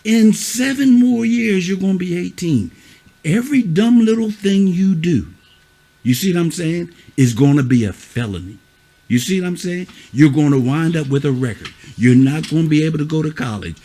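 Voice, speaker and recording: Man, middle-aged, high voice, stern scolding lecture, blunt and cursing, keeps asking "huh?". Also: lively intonation, normal speed, warm tone. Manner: scolding, repeats "huh?" and "you see what I'm saying"; blunt, curses. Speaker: youth mentor.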